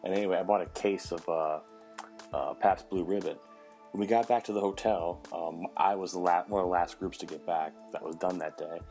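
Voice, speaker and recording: A man hosting a podcast as a chef, telling animated stories in casual chat, swearing and acting out other people's voices. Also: deep voice, brisk, soft background music.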